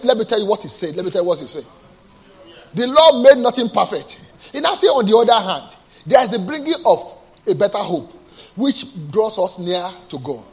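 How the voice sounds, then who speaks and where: A male pastor preaching a sermon, asking the congregation to answer and moving between quiet storytelling and loud bursts. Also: husky. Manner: call-and-response preaching, asks the congregation to answer; drops to a low soft storytelling voice, then bursts out loud.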